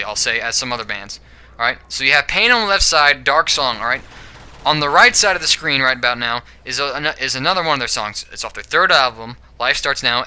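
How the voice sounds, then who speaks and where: A man's voice: a little high, pushed and bright. A man giving a casual, rambling opinion monologue to camera, with frequent "you know" and "all right?" and stumbling restarts. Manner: self-correcting, stumbling restarts. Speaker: video blogger.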